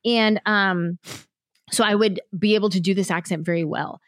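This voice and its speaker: A woman comedian from San Jose tells stories in a quick, animated way, with her pitch sitting in the middle of the range. The recording is very dry and close, with no room sound. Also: no room sound. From San Jose, California, US. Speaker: comedian guest. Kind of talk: casual interview storytelling.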